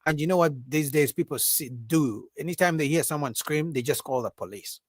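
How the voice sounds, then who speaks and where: A man talks straight to his livestream audience in an animated, emphatic monologue, repeating himself and tagging lines with "right?". His voice sits fairly high, and the dry recording keeps him close to the mic. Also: a little fast, dry recording. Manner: animated, acts out women's voices in a high mocking pitch; repetitive, emphatic, asks "right?". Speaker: livestream host. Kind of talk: casual opinion monologue.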